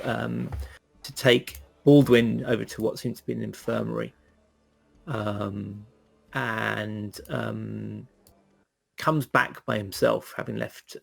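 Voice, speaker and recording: Male game master, gravelly, husky, slow, hesitant narration. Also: medium pitch. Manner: hesitant, many ums.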